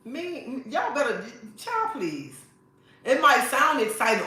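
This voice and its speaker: A woman with a high, sing-song voice and a sharp tone speaks a little slowly as she hosts a livestream. She addresses her viewers casually but in a sassy, preachy way, repeating her phrases. The room is very echoey.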